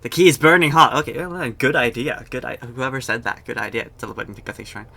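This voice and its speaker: Bright-voiced young man streaming a game. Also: mid-range voice, lively intonation, quick pace, gravelly. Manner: chatty, jokey, talks to chat. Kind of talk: casual gameplay commentary.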